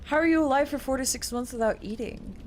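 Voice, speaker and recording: A woman streamer reading aloud and chatting on a live stream, excitable and incredulous, with casual swearing. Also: high-pitched, fast talker, a little hiss or hum.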